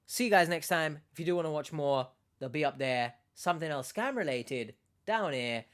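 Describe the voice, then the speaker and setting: A man's voice: on the high side, animated, normal speed, fairly bright tone, clear, resonant tone. A man giving casual video commentary, rambling and sarcastic, often stumbling and correcting himself. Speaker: YouTube commentator.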